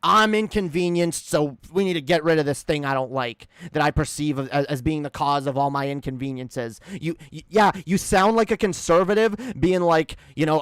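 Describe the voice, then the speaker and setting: A man's voice: fairly high pitch, moderate pace, hardly any pauses, a bit bright, smooth, no echo, studio quality. A man streaming a reaction, ranting in a heated, profane, rambling way.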